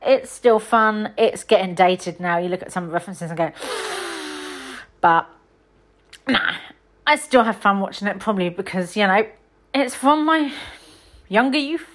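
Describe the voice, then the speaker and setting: A woman's voice: medium pitch, normal speed, fairly bright tone. A woman hosting a podcast, chatting casually and rambling through film reviews with lots of ums. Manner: chatty, rambling, frequent ums and self-corrections. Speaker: podcast host.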